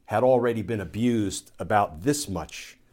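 A man with a somewhat low voice delivers a political commentary monologue. He builds his argument point by point in the measured, explanatory manner of a former courtroom lawyer. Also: expressive, a little mellow.

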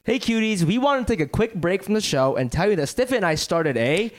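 Low-voiced woman podcast co-host. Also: very animated, fairly quick, faint music behind. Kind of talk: casual chat and ad read.

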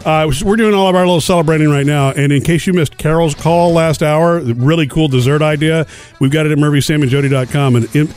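A man's voice: a little high, quick pace, a little mellow, soft background music. Easygoing man radio co-host. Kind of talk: casual morning radio chat.

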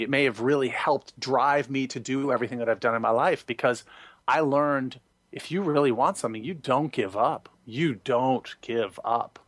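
A man being interviewed, telling stories expressively and acting out quoted voices, with sudden high jumps for emphasis. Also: a bit bright, no room sound. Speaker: guest, singer and former music director. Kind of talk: animated interview storytelling.

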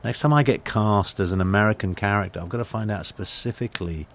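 A low-pitched man from England chats as a guest, spinning anecdotes. He restarts his sentences often, repeating words as he gathers his thoughts, in a relaxed conversational way. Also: quick pace. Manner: storytelling, stammering restarts. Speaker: actor, guest. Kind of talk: casual chat.

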